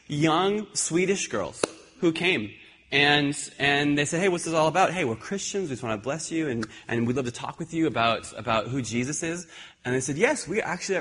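A man preaching a sermon, telling animated personal stories with many restarts and repeated words. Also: a little high. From Ireland. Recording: husky voice in a hall with long reverb.

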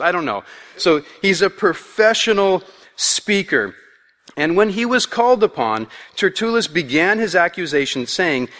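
A man's voice: high-pitched, very animated, moderate pace, fairly bright tone. A man preaching a sermon in a conversational, playful way, acting out voices as he goes. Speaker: pastor. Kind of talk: expository sermon. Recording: long hall reverb.

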